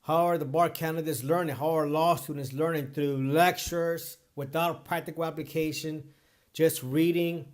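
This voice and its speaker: An emphatic man talking straight to his viewers as a bar exam tutor. His voice sits a little high, and he comes back to the same point more than once to stress it. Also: steady tone, moderate pace. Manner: earnest, emphatic, repeats points. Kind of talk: direct-to-camera talk.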